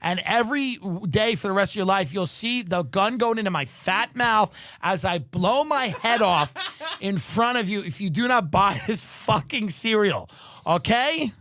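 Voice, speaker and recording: Profane ranting comedian, high lively voice. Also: male voice, normal speed, no echo. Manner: profane, sarcastic, exaggerated. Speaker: podcast host. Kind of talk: comedic rant.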